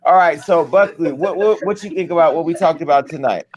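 A man with a slightly higher voice hosts a casual call-in show. He jokes loosely with his co-host and keeps the callers moving. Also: fairly quick, a little mellow, slight background noise. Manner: loose, joking, directs callers.

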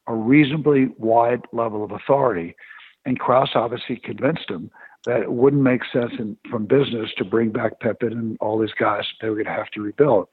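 Male guest, former agent, husky voice, tinny phone line, animated storyteller for radio. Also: medium pitch, no room sound.

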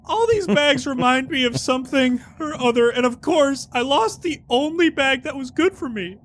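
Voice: sits high, lively intonation, moderate pace, a bit bright, pitched above the performer's own voice. A performer voicing a weepy middle-aged man who hoards bags and sobs through puns. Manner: sobbing, self-pitying, punning.

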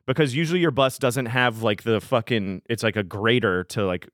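A man's voice: medium pitch, moderate pace, fairly bright tone, no echo, studio quality. A man who tours as a DJ, chatting casually as a podcast guest and telling rambling, profane stories. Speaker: touring DJ guest.

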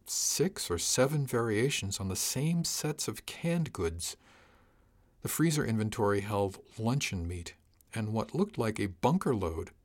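A man giving a measured, dry first-person narration of a sci-fi audiobook. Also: fairly low pitch.

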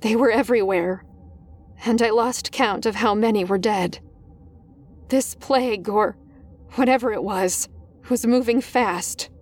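A woman's voice: a little high, a little slow, long pauses. A woman narrating a first-person horror story in a tense, dramatic manner. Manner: tense, dramatic, rising in panic.

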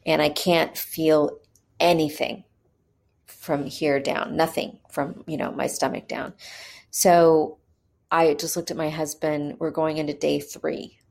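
A woman recounting a hard personal experience, candid and earnest, pausing often with fillers as she talks. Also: low voice, little pitch movement, vocal fry, a little mellow. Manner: hesitant, with frequent pauses and fillers. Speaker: mother telling her birth story. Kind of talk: personal storytelling.

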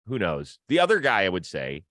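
Lowish-voiced male podcast host, dry sound. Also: huge pitch swings, a little fast, fairly bright tone, dry recording. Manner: chatty, upbeat, laughs often. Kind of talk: casual sports talk.

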